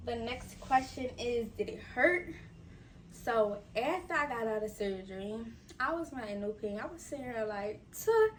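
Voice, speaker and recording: This low-quality recording carries a slightly high female voice through a distant mic, with a bit of hiss or hum. A vlogger in her twenties, still recovering from surgery and unable to bend down, casually talks to camera, telling a story and playing out her own thoughts.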